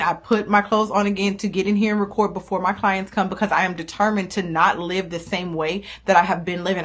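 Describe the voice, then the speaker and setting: A woman's voice: medium pitch, fairly bright tone. A young woman hosting her podcast, talking candidly and emphatically as she encourages listeners in their faith. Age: young adult. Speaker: podcast host. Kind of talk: faith-based motivational talk. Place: small home recording studio.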